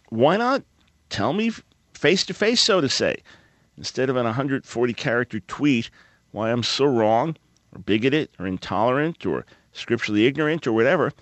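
A man's voice: mid-range voice, no room sound. A man hosting a call-in radio show, teaching from the Bible in an earnest, emphatic and conversational way into a studio microphone. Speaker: radio talk show host.

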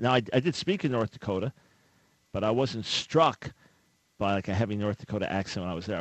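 A man with a fairly low voice hosts a radio call-in talk show, speaking earnestly and conversationally into a studio microphone and acting out imagined callers. The recording has no room sound and the audio quality is poor.

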